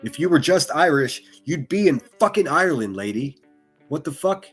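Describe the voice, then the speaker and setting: Husky man ranting mockingly. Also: a little high, big pitch swings, moderate pace, faint music behind. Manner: mocking, ranting, heavy swearing. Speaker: reaction streamer. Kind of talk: profane reaction commentary.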